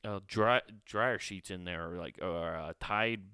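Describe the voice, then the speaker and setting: A man's voice: low-pitched, measured pace, sharp tone, clean tone, no echo. A man hosting a solo podcast, chatting casually with lots of swearing and filler words. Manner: rambling, profane, lots of fillers. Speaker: podcast host.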